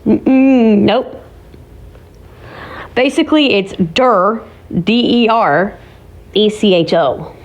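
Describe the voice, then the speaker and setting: A woman's voice: mid-range voice, animated, slow. A woman from Ohio chatting casually to her viewers, giggly and teasing as she talks. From Ohio, USA. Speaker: vlogger. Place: home.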